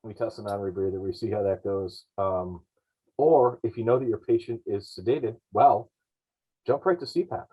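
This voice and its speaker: A man's voice: fairly low pitch, moderate pace, slightly rough. A man on a podcast explaining paramedic practice in a rambling, self-correcting way. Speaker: paramedic guest. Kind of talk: podcast discussion. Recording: dull lo-fi podcast audio.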